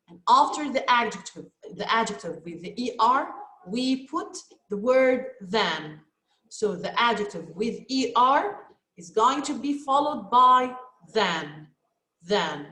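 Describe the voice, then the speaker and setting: A woman's voice: on the high side, pushed and bright. A woman with an Egyptian Arabic accent teaching a children's English lesson online, patient, repeating each word for her students. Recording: echoey room.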